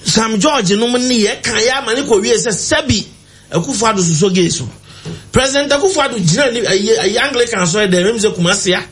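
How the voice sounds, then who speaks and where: A man's voice: high voice, a little fast, fairly bright tone. A man with a Ghanaian accent arguing emphatically as a political commentator on a talk show. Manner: emphatic, argumentative, mixing languages.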